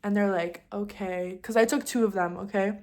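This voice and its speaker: A young adult woman telling a casual storytime, talking fast with lots of fillers and getting heated as she vents. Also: mid-range voice. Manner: fast chatty delivery with constant fillers; heated and animated when venting. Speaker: vlogger.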